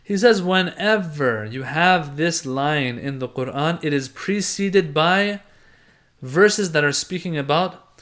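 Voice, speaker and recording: Male religious teacher, slightly higher voice, talky classroom explainer who reads then unpacks. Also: lively intonation, slow, a bit bright. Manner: conversational, reads passages aloud then unpacks them with everyday examples. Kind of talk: explaining a doctrine text to a class.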